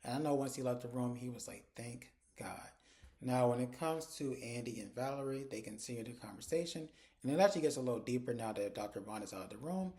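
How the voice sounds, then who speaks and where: Male episode reviewer, chatty casual recap, medium pitch. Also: quick pace, mellow. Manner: chatty, conversational.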